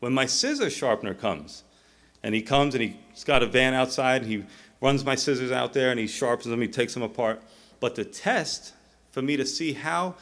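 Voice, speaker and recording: A man's voice: medium pitch, normal speed. A middle-aged male pastor preaching a sermon, telling stories and acting out the characters' voices. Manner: animated storytelling, acting out voices.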